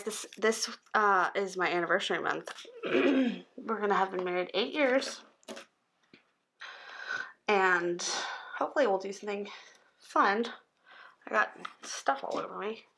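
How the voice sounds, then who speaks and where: A tired woman in her thirties chatting casually as she fills in a planner, rambling and dropping into soft asides under her breath. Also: medium pitch, moderate pace, pauses often, a little hiss or hum. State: tired, yawning. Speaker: planner vlogger. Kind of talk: casual chat while planning.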